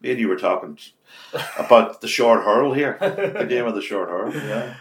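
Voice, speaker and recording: A man in his sixties from Belfast with a West Belfast accent, a radio host chatting as an interview guest, telling stories in animated bursts with many restarts. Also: medium pitch, moderate pace, slight background noise. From Northern Ireland. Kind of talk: casual interview chat. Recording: echoey office room.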